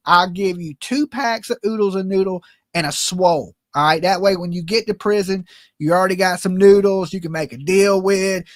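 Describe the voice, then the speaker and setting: Male stream host, high voice, loose profane joker, dry close sound. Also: fairly bright tone, no room sound. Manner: loose, rambling and profane, jokey phone-prank banter. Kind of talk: casual joking livestream chat.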